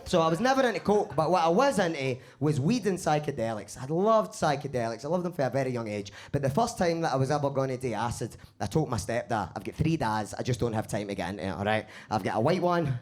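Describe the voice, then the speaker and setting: A man with a Glaswegian accent performing a live stand-up set in a basement comedy club. He swears freely and talks in an animated way. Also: mid-range voice, quick pace, few pauses. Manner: swearing, animated, laughs at own jokes.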